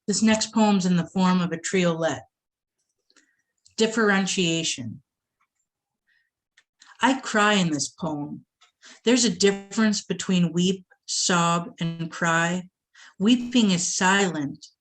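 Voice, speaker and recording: A woman from the Boston area reading her poems aloud at a poetry event, with a measured delivery and short asides to the audience. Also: lowish voice. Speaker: poet reading her work.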